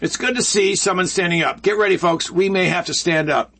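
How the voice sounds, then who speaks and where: A man's voice: sits high, fairly quick, sharp tone, husky. A man in his sixties hosting an opinionated news commentary, rambling and sarcastic. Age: 60s. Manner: sarcastic, rambling, mock voices for quoted people. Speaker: commentary show host.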